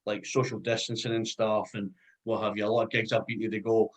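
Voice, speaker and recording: A man's voice: lowish voice, flat delivery, a little fast, poor audio. A Scottish man interviewing musicians in a rambling, enthusiastic casual chat, swearing freely. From Scotland.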